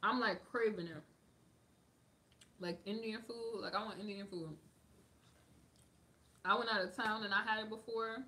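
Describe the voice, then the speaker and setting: A woman with a bright, crisp voice at a middle pitch chats loosely with her viewers. She hosts a casual livestream, filling her sentences with "like" and wandering from one topic to the next. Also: fairly even intonation, measured pace, pauses often. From United States. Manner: chatty, lots of "like" fillers, drifts between topics. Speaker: livestream host answering viewer comments. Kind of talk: casual chat.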